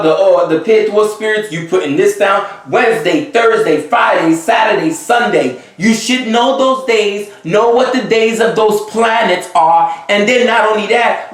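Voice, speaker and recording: A man's voice: high voice, distant mic. A man who is a Vodou priest, giving advice in an emphatic, exasperated manner and often checking that the listener follows. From Haiti. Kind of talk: unscripted advice monologue. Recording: very echoey room, voice away from the mic.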